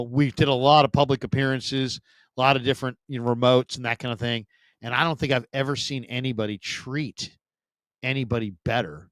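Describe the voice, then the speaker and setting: A man, a sports radio host, telling stories in a casual, animated way and mimicking other people's voices. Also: clear, resonant tone, no echo. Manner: animated, mimics voices with big pitch jumps. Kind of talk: casual storytelling chat.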